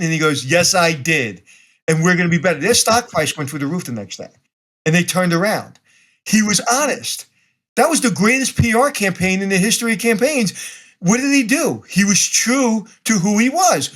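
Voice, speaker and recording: A man's voice: sits high, fairly bright tone. A man from Brooklyn, a podcast guest talking bluntly and directly and acting out bits of dialogue. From Brooklyn, New York. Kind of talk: casual interview conversation.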